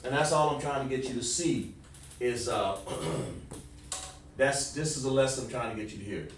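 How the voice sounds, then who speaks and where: A man teaching pronunciation, insistently repeating sounds slowly and coaxing his student to hear the difference. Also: medium pitch, expressive. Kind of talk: pronunciation lesson. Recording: echoey room heard from a distance with faint noise.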